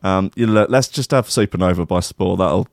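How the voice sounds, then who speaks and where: A man's voice: deep voice, normal speed, creaky, a little mellow, no echo, studio quality. Rambling man hosting radio. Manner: rambling, crude jokes, laughs at his own bits. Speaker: radio host. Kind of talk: irreverent radio banter. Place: radio studio.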